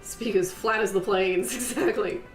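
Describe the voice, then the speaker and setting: A woman's voice: mid-range voice, unhurried, faint music behind. A woman giving rambling, chatty commentary while she plays a game. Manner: rambling, chatty, lots of fillers and laughs. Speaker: streamer. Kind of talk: casual gameplay commentary. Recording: echoey room with faint noise.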